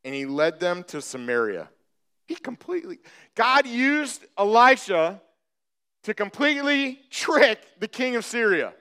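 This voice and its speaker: A man preaching a sermon, retelling a scripture story with animated, acted-out voices. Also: sits high, unhurried, smooth. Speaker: pastor.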